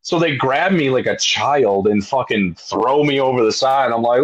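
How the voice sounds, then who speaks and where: A man, a podcast guest, telling a story with heavy swearing and loud acted-out shouts. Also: medium pitch, a little fast, hardly any pauses, muffled recording. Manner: profane, emphatic, acts out his own shouts. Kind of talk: animated storytelling.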